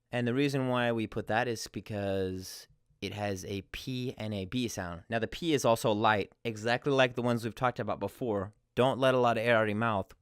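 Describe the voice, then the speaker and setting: A man's voice: mid-range voice, no echo, studio quality. A man teaching pronunciation in a patient, explanatory lesson. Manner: patient, explains slowly with examples. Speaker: language teacher.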